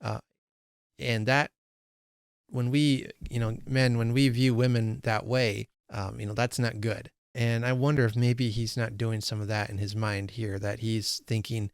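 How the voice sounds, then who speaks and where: A man's voice: medium pitch, flat delivery, a little slow, gravelly, clean tone, no echo, clean studio sound. A man hosting a book read-along, talking casually about a novel with many fillers. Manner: conversational, frequent fillers and restarts. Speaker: book channel host.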